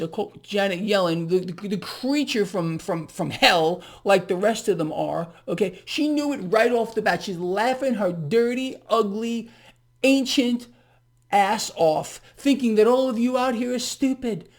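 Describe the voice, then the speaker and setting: A man's voice: high voice, lively intonation, a little slow. A man giving a sarcastic, emphatic solo commentary on the markets as the host of his own video channel. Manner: sarcastic, mocking, blunt and emphatic.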